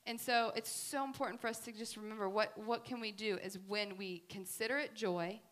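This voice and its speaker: A woman giving a faith talk, telling family stories in an animated, chatty way with many fillers. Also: mid-range voice, brisk. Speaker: speaker at a faith gathering.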